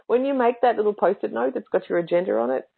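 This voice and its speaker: A woman's voice: a little high, vocal fry, husky. Emphatic woman coaching, tinny sound. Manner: emphatic, animated, with expressive inflections. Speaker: podcast host and coach. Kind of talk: casual teaching talk. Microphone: livestream mic.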